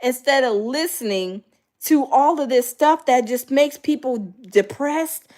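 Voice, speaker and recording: A middle-aged woman hosting a casual chat with live viewers, talking in an animated way, acting out other people's voices, with lots of fillers. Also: sits high, measured pace. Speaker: host.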